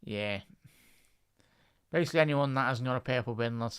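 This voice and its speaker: A man's voice: medium pitch, moderate pace, fairly bright tone, clean tone. A man with a Scouse accent giving casual live match commentary on a stream, chatting to his viewers and calling them lad and chat. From Liverpool, England.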